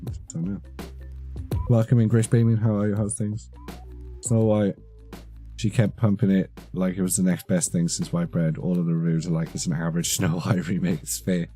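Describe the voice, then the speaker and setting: A man's voice: sits low, level tone, moderate pace, pauses often, dark tone, soft background music. A man in his thirties, chatting casually and rambling on a live stream, swearing casually.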